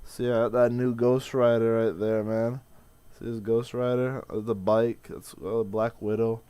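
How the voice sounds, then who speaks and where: A young man talks to camera in a rambling, profane rant that is full of restarts. His voice is smooth and clean, and his pitch sits mid-range. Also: little pitch movement, unhurried, dark tone, no echo. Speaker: vlogger. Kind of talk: casual venting vlog.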